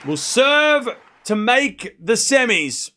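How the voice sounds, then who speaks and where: A man hosting a live tennis watchalong, giving informal play-by-play that rises to excited shouts on big points. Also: extremely high pitch, takes it slowly, a faint crowd. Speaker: host calling a live watchalong stream.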